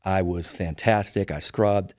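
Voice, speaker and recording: Middle-aged man, lively storyteller. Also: sits low, unhurried, no room sound, clean studio sound. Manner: animated storyteller, acts out quoted voices. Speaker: podcast guest, real estate broker. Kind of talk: casual storytelling chat.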